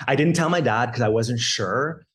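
A Canadian man in his thirties, mid-range voice at normal speed, tells his story conversationally as a podcast guest. He restarts a lot and animatedly acts out quotes of his family in a raised voice.

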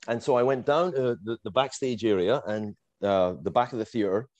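In a dry recording, a medium-pitched middle-aged man originally from outside the US spins a lengthy, lively fan story. The chat is casual and full of filler words and little chuckles.

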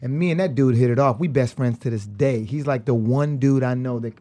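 A man chatting casually on a podcast, telling stories in a fast, animated way with lots of restarts. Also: medium pitch.

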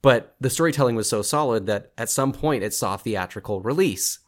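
A man in his thirties from Southern California appears as a podcast guest in a casual interview chat. His medium-pitched voice is animated and brisk, and he's enthusiastic, laughing often.

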